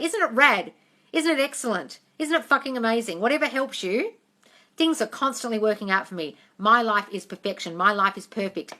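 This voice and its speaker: Answering viewers' live questions on a casual stream, a manifestation coach speaks in a medium-pitched, bright, forceful voice. She's frank and emphatic, freely swears, and calls everyone darling.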